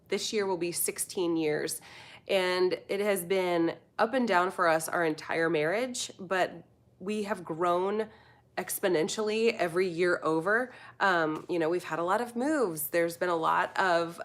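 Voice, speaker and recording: A woman's voice: on the low side, unhurried. An American woman in her thirties, chatting casually on a live stream and reading out viewer comments as she rambles. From United States. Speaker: food vlogger answering live chat.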